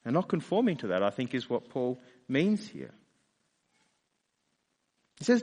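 A man's voice: mid-range voice, wildly swooping pitch, measured pace, pauses often, a little mellow, big-room sound. A man preaching a sermon in a conversational way, often asking rhetorical questions. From Australia. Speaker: pastor.

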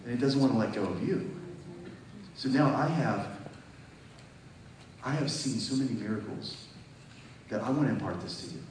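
A man preaching a testimony sermon to a congregation. He tells his story vividly, acting out phone calls, and rises to loud, emphatic peaks. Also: medium pitch, moderate pace, pauses often. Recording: distant echoey hall with noise.

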